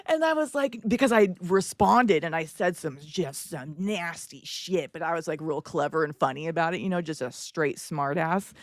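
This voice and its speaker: Woman, content creator, chatty, lively pitch jumps, slightly low voice, dry close recording. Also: brisk, hardly any pauses, no room sound. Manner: animated storytelling with big pitch swings and laughs. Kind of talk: casual live-stream chat.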